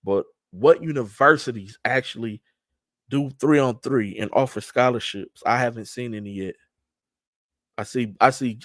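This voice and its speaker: A show host and event organizer with a medium-pitched voice gives a casual talk-show monologue in an emphatic, streetwise, trash-talking style, restarting repeatedly. The sound is dry and close, with no echo.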